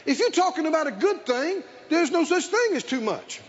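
An older man preaching a sermon, calling for responses from the congregation and building to shouted emphasis on a dull lo-fi recording. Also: extremely high pitch, very animated, a little slow, pauses often, a faint crowd, slight background noise. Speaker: pastor.

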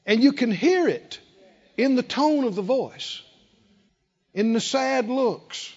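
An older man preaches with a high, lively voice that swoops up and down, chuckling between points. He drags his words out slowly for emphasis. The recording is dull and lo-fi. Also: gravelly. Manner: animated, chuckles often, slow emphatic delivery. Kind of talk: sermon.

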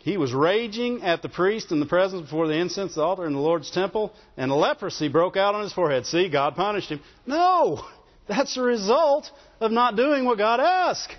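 High-voiced man preaching in echoing hall. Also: moderate pace. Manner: animated, asks the congregation questions. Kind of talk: sermon. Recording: dull sound with long hall reverb.

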